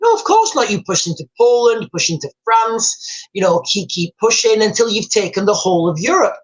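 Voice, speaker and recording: A man's voice: high voice, sing-song, moderate pace, poor audio. A British man hosting a live stream, talking through world events at length, often restarting sentences, calling his viewers "guys" and reading out their comments. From United Kingdom. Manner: rambling, repeats and restarts words, addresses viewers as guys.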